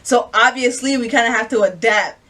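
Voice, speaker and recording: A woman's voice: fairly high pitch, fairly quick, a bit bright, distant mic. A woman from Jamaica co-hosting a casual podcast, blunt and outspoken, swearing freely and laughing often. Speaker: podcast co-host.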